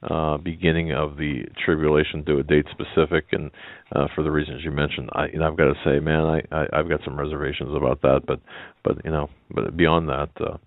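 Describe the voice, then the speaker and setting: A man's voice: a bass voice, level tone, brisk, no room sound. A man hosting a talk radio show, speaking hesitantly and thoughtfully with many restarts. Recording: dry, narrow phone-like sound.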